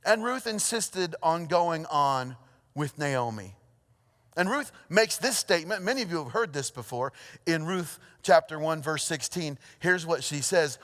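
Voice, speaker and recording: A pastor preaching a sermon, telling a story with lively energy, then dropping to a hushed, earnest tone. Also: male voice, a little high, a little slow. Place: church auditorium. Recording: long hall reverb.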